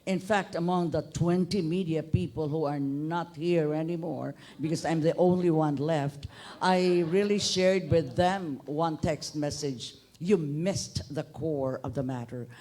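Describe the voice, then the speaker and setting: A man's voice: fairly high pitch, steady tone, measured pace, warm tone. A middle-aged man from Bohol with a Boholano accent, speaking at a forum in an expansive, humorous way with emphatic bursts. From Philippines, Bohol. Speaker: forum audience member, newspaper manager. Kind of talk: public remarks at a forum. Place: conference hall.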